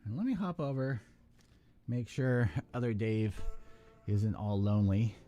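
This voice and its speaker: A man's voice: fairly low pitch, animated, measured pace, dark tone, muffled recording. A man hosting a live build stream, chatting casually and rambling, often breaking off mid-sentence and swearing now and then. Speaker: live-stream host building model kits.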